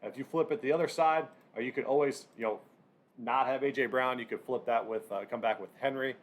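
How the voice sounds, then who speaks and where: A man hosting a casual sports picks breakdown, talking in halting bursts with lots of fillers and restarts. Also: mid-range voice. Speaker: sports betting channel host.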